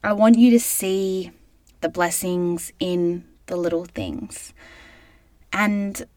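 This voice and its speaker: A woman's voice: on the low side, steady tone, takes it slowly, darkish tone, dry recording. A young woman hosting a solo podcast, talking earnestly and effusively with many restarts, recorded on a microphone in a small wardrobe. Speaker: podcast host. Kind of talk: casual solo podcast monologue. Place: small clothes wardrobe at home.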